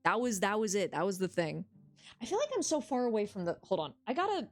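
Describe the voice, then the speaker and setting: Excitable swearing woman streamer. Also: medium pitch, quick pace. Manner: excitable, swears freely, reads all game dialogue aloud. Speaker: game streamer. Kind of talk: casual let's-play commentary.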